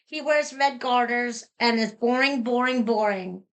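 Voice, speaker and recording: A young woman reading a children's picture book aloud in a playful, animated storybook style. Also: a little high, measured pace. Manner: animated, playful, giggling between pages.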